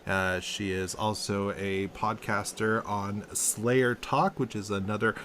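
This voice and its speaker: A man in his thirties hosting a podcast in casual chat, animated and rambling, with many restarts. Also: fairly low pitch, slow pace. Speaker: podcast host.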